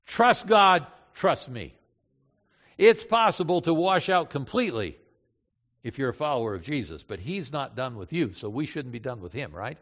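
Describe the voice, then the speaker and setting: A man's voice: mid-range voice, very animated, a little fast. A man preaching a sermon with emphatic delivery, repeating key phrases and asking rhetorical questions. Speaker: pastor. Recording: dull hall recording with long reverb.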